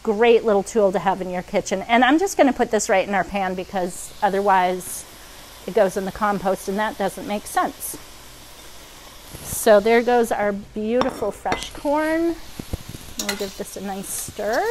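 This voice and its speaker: Over the sound of sizzling pans and clinking utensils, a woman with a medium-pitched voice hosts a cooking demo, talking a little slowly and chatting with frequent ums. She wears a microphone, and there's background noise in the recording.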